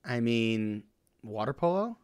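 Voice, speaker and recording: A man's voice: mid-range voice, big pitch swings, slow, a little mellow, clear, resonant tone. A man co-hosting a casual trivia game, talking in a teasing, playful way and laughing often. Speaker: co-host.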